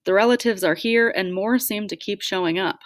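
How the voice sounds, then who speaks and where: A woman's voice: mid-range voice, fairly quick, no room sound, clean studio sound. A woman reading a first-person audiobook with a wry, self-deprecating way of telling it. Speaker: audiobook narrator.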